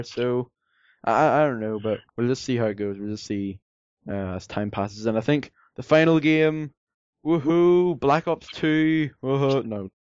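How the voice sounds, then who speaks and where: A man's voice: on the low side, darkish tone, no room sound, dull audio. A man chatting casually as a podcast co-host, rambling with lots of fillers and some sarcasm. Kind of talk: casual chat.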